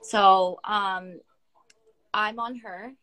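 A woman's voice: medium pitch, steady tone, drawn-out words, pushed and bright. A woman co-hosting a casual podcast, chiming in with short, slangy remarks. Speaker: podcast co-host. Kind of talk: casual chat.

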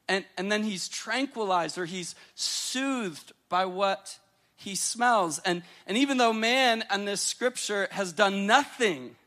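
A man's voice: high-pitched, a bit bright. An American man, a young adult, preaching a sermon as a guest pastor, earnest and tender, often repeating words as he builds to a point.

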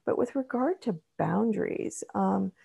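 A middle-aged woman therapist and author, answering interview questions in a measured, explanatory way with frequent ums. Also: mid-range voice, expressive, vocal fry, dark tone, husky.

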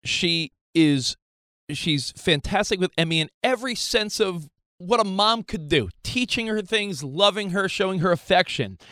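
A man co-hosting a talk show, defensive and animated, stumbling over restarts. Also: high-pitched, no echo, studio quality. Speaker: radio show co-host. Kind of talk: casual talk show chat.

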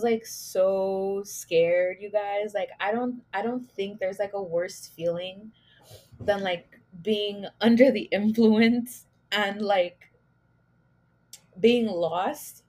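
Hosting her own podcast, a young woman with a medium-pitched, slightly mellow voice rambles through a casual story. It's packed with filler "like"s and swearing, and she laughs at herself along the way.

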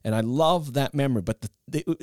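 A man co-hosting a podcast in casual chat, an animated storyteller who laughs at his own anecdotes. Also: mid-range voice, brisk, no room sound, studio quality. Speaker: podcast co-host.

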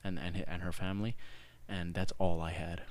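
A young man co-hosting a podcast in casual chat, excitable and swearing often, now and then breaking into loud mock voices. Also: low-pitched, brisk. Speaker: podcast co-host.

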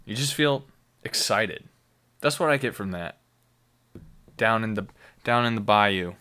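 A young man with a fairly low voice hosts a casual beer-review podcast. He rambles loosely and swears freely, with playful energy. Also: expressive, a little slow, pushed and bright. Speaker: podcast host.

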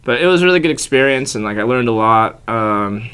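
A man's voice: medium pitch, lively intonation, fairly quick, bright, forceful tone, smooth. A young man telling a long story in casual chat, laid-back, swearing and filling with "like".

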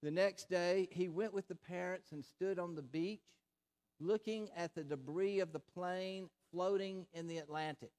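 Emphatic, fairly high-voiced male pastor preaching. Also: a little mellow. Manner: emphatic preaching with rhetorical questions and slowed, stressed phrases. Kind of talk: sermon.

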